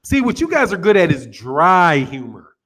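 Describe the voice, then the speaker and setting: A man's voice: sits high, sing-song, normal speed, a bit bright. An American man hosting a boxing channel, ranting casually with a lot of swearing and laughter. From United States. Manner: profane, teasing, laughs often.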